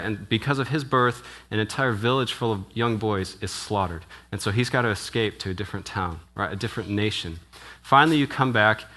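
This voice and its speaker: A male minister gives a conversational sermon in a church. He draws the congregation in with questions and a steady "right?". His voice sits a little low but comes across bright and forceful. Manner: asks the congregation questions, with frequent "right?" tags; conversational, with restarts and brief laughs. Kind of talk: interactive sermon.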